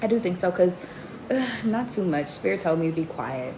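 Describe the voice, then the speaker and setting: Animated slangy woman reading tarot live. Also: normal speed. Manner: animated and slangy, jumps into high excited exclamations. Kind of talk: casual live-stream reading to viewers. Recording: roomy echo with faint background noise.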